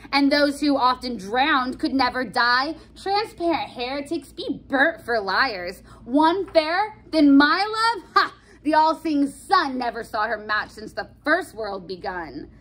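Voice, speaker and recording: A woman's voice: a little high, natural voice. A woman reading the part of a lovesick young man with theatrical, fervent delivery.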